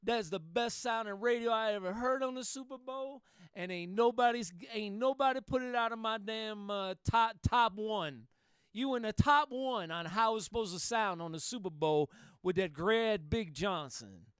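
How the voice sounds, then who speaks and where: A man's voice: high voice, normal speed, fairly bright tone, clean tone, no room sound, studio quality. A man chatting over CB radio in a folksy, salty way, repeating himself. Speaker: CB radio operator. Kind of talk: CB radio chat.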